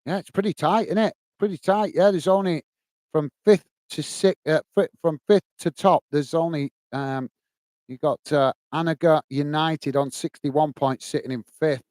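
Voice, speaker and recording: A man chats casually on a livestream, a little higher-pitched than most men. His voice is smooth and clear, and the recording is dry and close with no room sound. He talks easily to his viewers and calls them mate. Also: moderate pace, a little mellow, dry recording. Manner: chatty, addresses viewers as mate; reads out chat comments. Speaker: livestream host.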